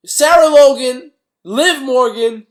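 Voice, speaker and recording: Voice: sits high, slow pace. A podcast co-host chatting casually and giving matter-of-fact opinions.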